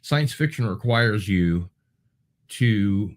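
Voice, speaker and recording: A man with a slightly low voice hosts a casual livestream and reads out viewer comments. He wanders off on tangents and fills his pauses with ums and false starts. Dry, playful asides come through now and then. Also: lively intonation. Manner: rambling and digressive, with many ums and restarts. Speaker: show host.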